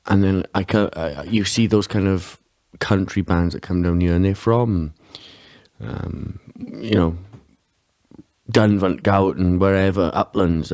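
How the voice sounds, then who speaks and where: A man's voice: deep voice, a little mellow, no room sound, studio quality. Rambling Welsh man co-host. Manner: rambling, repeats "you know what I mean". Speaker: podcast co-host. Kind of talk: casual podcast chat.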